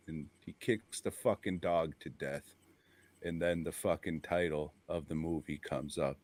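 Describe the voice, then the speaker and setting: A man's voice: rumbling low, steady tone, unhurried, darkish tone. A man co-hosting a casual podcast chat, blunt and profane, laughing often. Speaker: podcast co-host.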